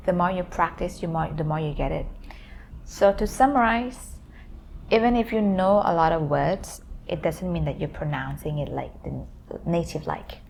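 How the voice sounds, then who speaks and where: Gravelly-voiced woman teaching language tips. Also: fairly low pitch, slight background noise. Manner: explains simply with repeated examples. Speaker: language-learning YouTuber. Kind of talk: casual teaching to camera.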